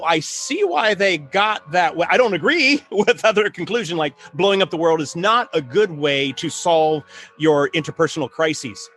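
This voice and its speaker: A middle-aged man hosting a casual chat on writing, telling stories in an animated way with laughs and many restarts. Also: sits high. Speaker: podcast host, writing coach.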